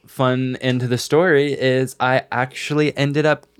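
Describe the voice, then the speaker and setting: A young man, co-host of a podcast, telling a story in casual chat, animated and swearing, acting out the voices of the people in it. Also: mid-range voice, a little slow, clean tone, no room sound, studio quality. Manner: animated, swearing, acts out voices in his stories.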